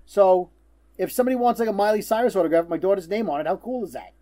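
A man's voice: high-pitched, very fast, dark tone. A middle-aged man hosting a podcast, telling stories in a teasing, casual way with plenty of fillers. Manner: storytelling, teasing, stumbles on fillers. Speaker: podcast host.

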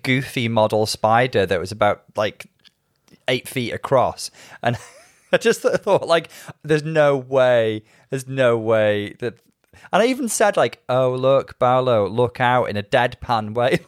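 A man's voice: mid-range voice, no echo, clean studio sound. A man co-hosting a podcast, chatting casually and telling stories with frequent laughs. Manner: chatty, giggly storyteller. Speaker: podcast co-host. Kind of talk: casual chat.

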